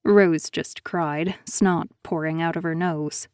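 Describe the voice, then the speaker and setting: A woman narrating an audiobook thriller in a steady, even storytelling manner on a close mic. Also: deep voice, slow pace, clear, resonant tone, no room sound.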